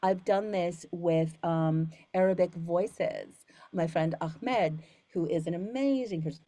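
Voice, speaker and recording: An earnest woman voiceover coach answers student questions in a loose, rambling way, full of ums and restarts. Her voice sits fairly low, and it is recorded close and dry with no room sound. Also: slow pace, mellow, no echo. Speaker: voiceover coach and studio founder. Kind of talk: casual Q&A talk to students.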